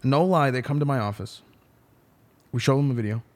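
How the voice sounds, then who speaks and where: A man's voice: mid-range voice, a little fast. A man who is a defense attorney, telling a story in a casual podcast chat with emphatic, profane language.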